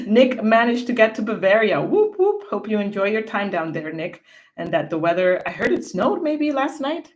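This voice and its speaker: A woman's voice: medium pitch, expressive, normal speed. A woman co-hosting a casual livestream, chatting and reading viewer comments aloud from a home setup. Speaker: livestream co-host.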